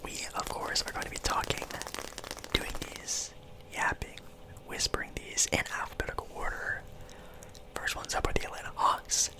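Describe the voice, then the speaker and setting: A man's voice: normal speed, rough recording. A young man whispering a casual ASMR sports ramble as host, chewing gum as he talks.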